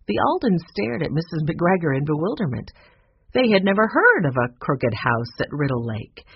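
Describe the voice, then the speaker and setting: An audiobook narrator reading a children's chapter book with lively storytelling. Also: mid-range voice, moderate pace, husky, no room sound. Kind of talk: scripted narration. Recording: dull lo-fi recording.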